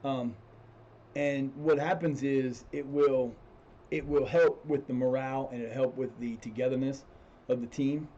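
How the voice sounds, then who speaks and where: A man's voice: medium pitch, fairly even intonation, measured pace, mellow, highs cut off. Rambling man commentating his football management game. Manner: rambling, restarts sentences, swears when frustrated. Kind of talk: casual gameplay commentary.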